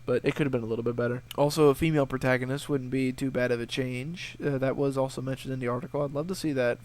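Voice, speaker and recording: A young man chats casually through viewer questions in a vlog. He rambles and curses as he tells his stories. His voice sits at an ordinary middle pitch. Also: darkish tone. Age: young adult. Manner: profane, rambling storyteller who acts out voices. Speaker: gaming video creator.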